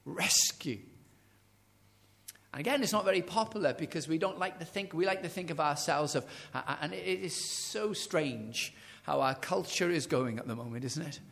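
A man preaches a dramatic sermon, swinging between loud declarations and hushed near-whispers and retelling stories with quoted dialogue. His gravelly voice is a little high and moves at a moderate pace.

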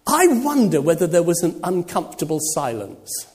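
A preacher giving a sermon, animated and full of rhetorical questions to the congregation. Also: mid-range voice, normal speed. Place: church. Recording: long reverb of a church.

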